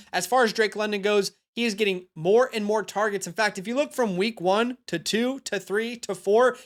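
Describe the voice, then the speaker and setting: A young man hosting a fantasy football show, giving energetic, emphatic start-and-sit advice in a casual monologue. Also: sits high. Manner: hyped, emphatic, speeds up and slows down.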